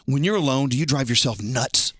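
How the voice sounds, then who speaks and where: A man hosting a radio interview. He teases his guest with loud exclamations and frequent laughs. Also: medium pitch, fairly quick, slightly rough, no echo, studio quality. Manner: teasing, exclamatory, laughs a lot. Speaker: radio show host. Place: radio studio.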